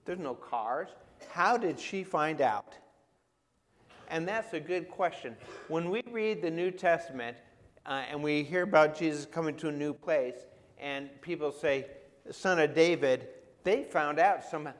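A man's voice: on the high side, lively intonation, a little slow, long reverb tail. A man preaching a sermon in a conversational way, often asking his listeners questions. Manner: conversational, asks the audience questions. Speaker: pastor.

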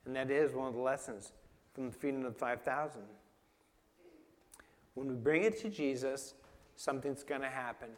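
A man's voice: mid-range voice, a bit bright. A man preaching a sermon in an emphatic, conversational way, asking his listeners questions. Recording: long reverb of a hall.

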